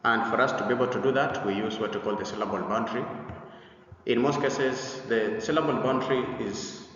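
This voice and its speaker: A man presenting an English pronunciation lesson in a deliberate lecture style, often repeating himself and pausing on "uh". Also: mid-range voice, a bit bright. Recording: echoey, dull recording from a distance.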